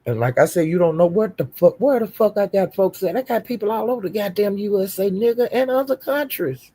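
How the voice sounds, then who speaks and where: Older woman streamer, husky and gravelly, dark tone, profane defiant rant. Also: medium pitch, fast. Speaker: YouTube streamer. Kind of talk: livestream rant.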